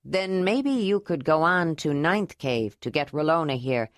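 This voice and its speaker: A woman voicing a calm, practical male leader giving orders in a storybook reading. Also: deep voice, measured pace, no echo, studio quality. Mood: commanding. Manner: firm, commanding.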